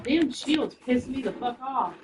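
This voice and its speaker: A woman's voice: high voice, lively intonation, moderate pace, a little mellow. A woman in a casual gaming chat who swears freely and laughs often while she talks. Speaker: gamer chatting on voice chat. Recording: roomy, distant, dull lo-fi mic.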